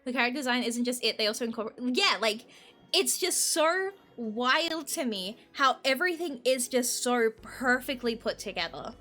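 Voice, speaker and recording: Bright, gushing young woman streamer. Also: on the high side, expressive, normal speed, faint music behind. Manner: gushing, rambling, full of "like" fillers. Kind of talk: casual game commentary and reading aloud.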